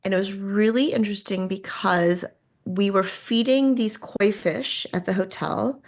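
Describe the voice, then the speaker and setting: A woman guest telling a personal story in conversation, animated and acting out the people in it. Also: mid-range voice, unhurried. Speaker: guest, artist.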